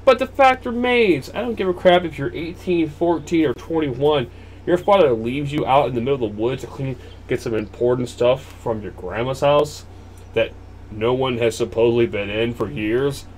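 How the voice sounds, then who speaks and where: A man's voice: mid-range voice, normal speed, a little mellow, a little hiss or hum. A young man hosting a horror game playthrough, joking and rambling animatedly. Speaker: let's play host.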